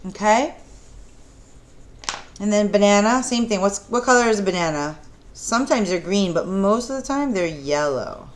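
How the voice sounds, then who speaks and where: A woman teaching a preschool art lesson in a gentle, encouraging way, talking the children through each step and asking them questions. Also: mid-range voice, lively intonation, normal speed, a little hiss or hum.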